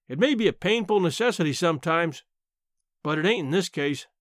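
A man voicing a blunt, sharp-tongued old countrywoman aunt in a story reading, dry and matter-of-fact, with plain country talk. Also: on the high side, animated, brisk, no echo, natural voice.

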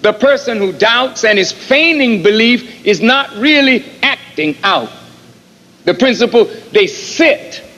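A minister giving a sermon in slow, measured, deliberate phrases, played from an archive recording. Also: male voice, very high voice, animated, sharp tone. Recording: dull archival lecture audio with long hall reverb.

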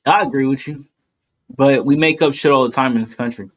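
A man's voice: mid-range voice, fairly quick. A man co-hosting a casual podcast, laid-back and argumentative, swearing freely. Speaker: podcast co-host.

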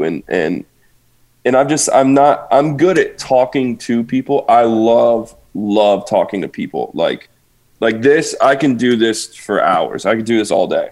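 A man's voice: on the low side, lively intonation, unhurried, a little mellow. A young man, a musician guest on a podcast, chatting casually in a rambling, self-deprecating way with frequent laughs.

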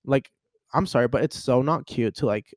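A man's voice: normal speed, no echo, clean studio sound. A man in his twenties talking on a casual solo podcast, rambling and venting with lots of fillers. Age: 20s. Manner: rambling and chatty, full of "like" and "you know" fillers; emotional and venting, with sudden jumps in pitch. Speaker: podcast host.

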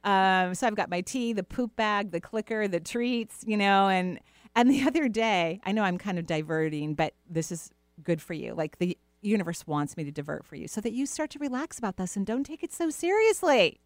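A middle-aged woman hosting a call-in show, gently reassuring a caller with playful asides. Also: mid-range voice, lively intonation, normal speed, dry recording. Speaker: radio show host, intuitive healer. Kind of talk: casual advice talk to a caller.

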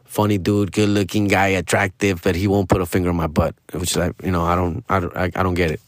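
A man's voice: low voice, level tone, brisk, no echo, studio quality. A man, telling a rambling comic story in a casual, slangy way. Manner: laid-back slangy rambling, peppered with 'dog' and 'fool'. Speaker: stand-up comedian.

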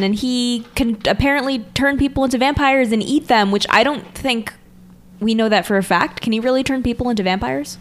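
A woman's voice: high voice, normal speed. A woman co-hosting a podcast, casually and giggly retelling an anime episode with some swearing. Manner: giggly, laid-back, swears. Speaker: podcast co-host. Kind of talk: casual anime recap chat.

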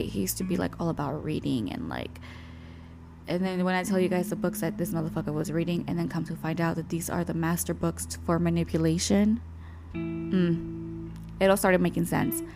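A woman's voice: fairly low pitch, creaky. A young woman hosting a casual solo podcast, telling a personal story in blunt, slangy, profane talk. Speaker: podcast host. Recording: guitar music playing under the voice.

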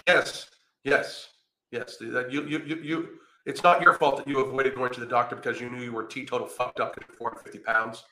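A man's voice: medium pitch, fairly even intonation, brisk, pushed and bright, roomy sound. A man hosting a podcast, ranting in reaction commentary with a profane, combative and sarcastic manner. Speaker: podcast host.

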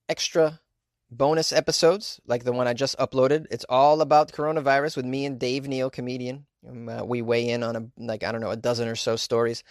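A man's voice: medium pitch, no room sound. Guy hosting his own podcast, rambly, lots of ums, dead dry close mic. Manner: rambling, with many fillers and restarts. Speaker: podcast host. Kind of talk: casual monologue.

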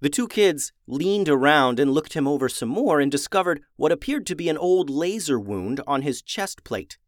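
A man reading a children's story aloud, expressive and animated. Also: a little high, normal speed, no room sound, studio quality. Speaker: narrator.

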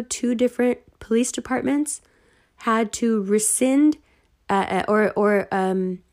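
A woman ranting to her followers, heated and sarcastic, swearing freely and at times rising almost to shouting. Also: fairly high pitch. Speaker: online commentator.

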